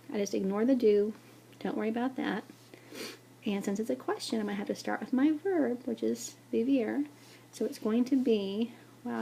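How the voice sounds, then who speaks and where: A woman's voice: fairly high pitch, creaky, mellow, a little hiss or hum. A woman teaching a Spanish lesson to students at a board, patient and repetitive, checking in with frequent "okay"s. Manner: patient, repeats "okay" and examples, many fillers.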